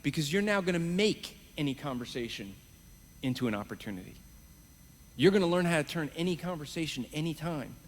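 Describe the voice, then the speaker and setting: A man teaching evangelism at a live conference, talking fast and animated with quick restarts. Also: a little high. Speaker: evangelism trainer. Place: conference stage. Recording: reverberant hall.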